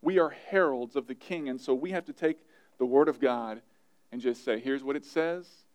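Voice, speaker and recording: A man's voice: medium pitch, moderate pace, darkish tone. A male pastor, around his thirties, preaching an emphatic sermon and repeating his key phrases.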